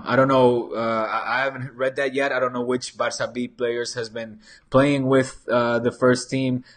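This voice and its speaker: A man hosts a live football chat show at his desk mic, his voice slightly husky. He rambles casually through viewer comments with lots of fillers and restarts. Now and then he slips a Spanish phrase into his talk. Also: mid-range voice. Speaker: football channel host. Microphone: desk microphone.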